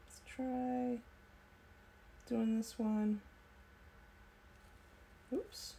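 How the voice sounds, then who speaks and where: A woman's voice: on the high side, level tone, very slow, creaky, warm tone, a little hiss or hum. A woman hosting a casual craft video, chatting and thinking aloud as she works at her desk. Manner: talks with frequent ums and small laughs. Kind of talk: casual craft tutorial chat.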